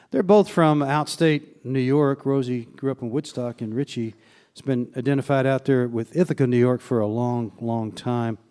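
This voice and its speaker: A man's voice: medium pitch, a little mellow, clear, resonant tone. Folksy male radio show host. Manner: easygoing, folksy introductions. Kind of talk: live stage show announcing. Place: theater stage with live audience.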